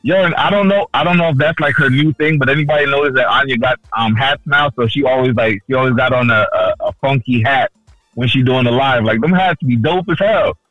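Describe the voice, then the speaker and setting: A man co-hosting a casual podcast chat, telling stories loudly with lots of swearing and acted-out quotes. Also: medium pitch, a little fast, no room sound, muffled recording, soft background music. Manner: animated storyteller, loud and swearing, acts out quotes. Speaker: podcast co-host.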